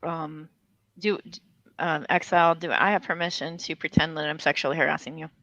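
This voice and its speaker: A woman's voice: low-pitched, fairly even intonation, a little fast, creaky, fairly bright tone, no room sound, lo-fi sound. A woman hosting a casual online chat, rambling with many fillers. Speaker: podcast host.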